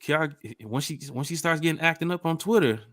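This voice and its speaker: A man hosting a fan podcast, reading out the live chat with lively shout-outs. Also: a little high, quick pace, no room sound. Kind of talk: casual chat.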